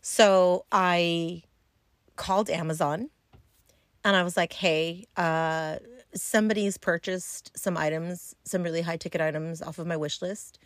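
Woman host telling a story solo, bluntly and with profanity, lowish voice, dry close sound. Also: fairly even intonation, measured pace, dry recording. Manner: blunt, profane and chatty, with many fillers. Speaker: podcast host.

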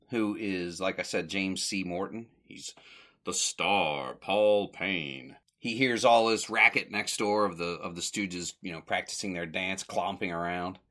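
A man's voice: low-pitched, sharp tone. A man hosting a podcast, casually retelling an old comedy short, rambling a little, correcting himself and chuckling often. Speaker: podcast host.

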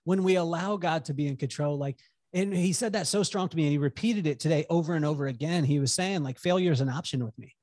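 Animated forty-something man telling stories. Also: on the high side, quick pace, dry recording, studio quality. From Southern California. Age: 40s. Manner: animated, laughs through stories, mimics voices in quotes. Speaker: podcast guest. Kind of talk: casual storytelling chat.

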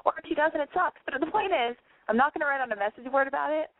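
Racing along in a high, lively voice, this young call-in show host rambles through casual, profane chatter full of "like." There's no echo, and the sound is dry and tinny, as if over a phone.

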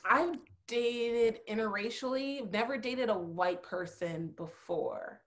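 A woman's voice: fairly high pitch, slow pace. A young woman in casual conversation, sharing stories and asking questions.

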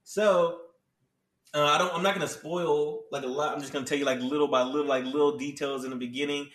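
A man's voice: fairly high pitch, steady tone, a little fast, a bit bright. Rambling guy recapping an anime, echoey room. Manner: rambling, slangy, full of "like". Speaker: anime reviewer. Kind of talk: casual plot recap. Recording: echoey room, distant mic.

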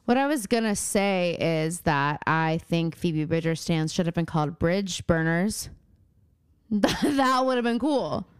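A woman's voice: lowish voice, expressive, unhurried, clear, resonant tone, no echo, clean studio sound. A young woman co-hosting a podcast, chatting casually and giggling while she recaps a TV episode. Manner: giggly, acts out characters in bursts. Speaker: podcast co-host.

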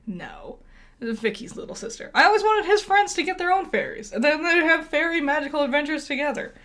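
Giggly woman cohost rambling about cartoons, slightly higher voice. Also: expressive, a little fast, a bit bright. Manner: chatty, laughs often, rambling asides. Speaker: podcast co-host. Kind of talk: casual chat.

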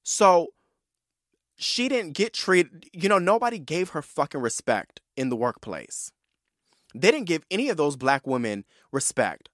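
A young adult man from San Diego hosts his own podcast, spinning personal stories in a loose, chatty flow. He curses freely and throws sass straight at his listeners. His voice sits in an ordinary middle pitch, recorded close with a dry, deadened sound. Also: no room sound. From San Diego, California. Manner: animated, profane and sassy, addressing listeners directly. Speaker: podcast host. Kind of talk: casual solo storytelling.

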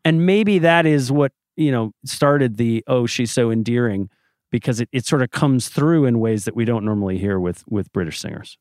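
A man's voice: mid-range voice, expressive, moderate pace, hardly any pauses, a little mellow, no echo, studio quality. A man co-hosting a podcast in casual chat, opinionated and sarcastic. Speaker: podcast co-host.

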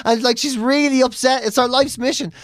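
A man's voice: very high voice, steady tone, fairly quick, no echo, studio quality. A middle-aged Irish man chatting casually as a co-host, swearing freely and telling stories with laughs. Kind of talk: casual chat.

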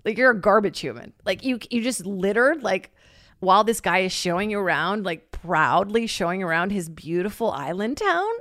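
A woman telling a long story in casual chat, animated and swearing freely, with lots of "like" and loudly acted-out quotes. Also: mid-range voice, normal speed, no room sound. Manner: heavy use of filler "like".

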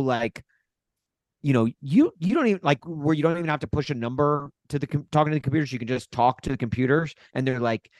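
Guy cohosting a football podcast, rambly and animated, dry close mic. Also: medium pitch, dry recording. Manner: rambling, animated storytelling with exasperated asides. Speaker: podcast co-host. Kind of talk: casual sports podcast chat.

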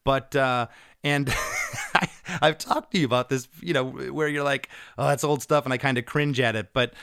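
An energetic man hosts a relaxed music conversation, picking apart a song section by section. He quotes lyrics in playful voices and sounds close and dry on the mic. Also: medium pitch, moderate pace, vocal fry, smooth, no room sound. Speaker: podcast host. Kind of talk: casual music chat, breaking down a song.

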